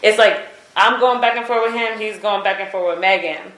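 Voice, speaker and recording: A woman's voice: mid-range voice, fairly quick, a bit bright. A woman giving a recorded statement, retelling events hesitantly with many fillers. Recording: echoey room recording.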